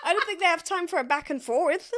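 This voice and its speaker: A woman's voice: very high voice, expressive, fast talker, fairly bright tone, a little hiss or hum. A woman co-hosting a podcast, chatting casually and asking dry, quizzical questions. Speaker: podcast co-host. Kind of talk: casual chat.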